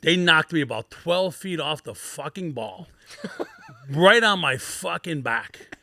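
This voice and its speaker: A man's voice: a little high, takes it slowly, no echo, clean studio sound. A middle-aged man from Scranton, Pennsylvania, telling old football stories in casual, profane chat and acting out the people he quotes. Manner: profane, animated, acts out quoted voices. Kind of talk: casual storytelling on a podcast.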